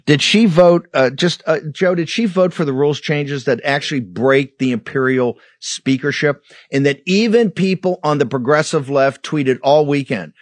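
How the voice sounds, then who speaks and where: Male political talk host, combative and mocking, jumps between fast rants and slow emphasis, dry close studio sound. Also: a little high, dry recording. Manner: combative, sarcastic, mocking, rapid-fire. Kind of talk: fiery political commentary.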